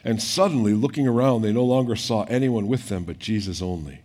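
A middle-aged man giving a sermon as pastor, reading scripture and then talking it through in a conversational, animated way with rhetorical questions. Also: fairly low pitch, fairly quick.

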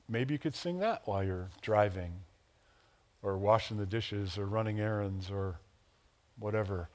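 A male pastor from the Chicago area preaching a sermon, animated and playful, acting out quotes and chuckling at his own asides. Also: unhurried. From Chicago area, USA. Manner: animated, acts out quotes with big pitch jumps.

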